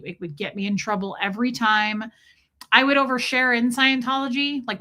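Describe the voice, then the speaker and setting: A woman's voice: medium pitch, bright, forceful tone. A middle-aged woman hosting a casual livestream, chatting confidingly and greeting viewers by name. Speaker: livestream host.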